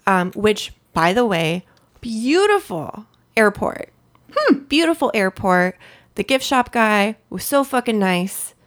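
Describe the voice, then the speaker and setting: A woman's voice: mid-range voice, animated, unhurried, fairly bright tone. A woman co-hosting a podcast, telling travel and family stories in a chatty, rambling way and laughing often. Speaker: podcast co-host. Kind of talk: casual chat.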